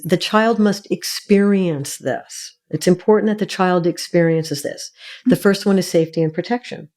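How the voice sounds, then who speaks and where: A woman's voice: on the low side, a little mellow. A woman therapist, a guest on an interview show, explaining emphatically and like a teacher, often checking in with "all right".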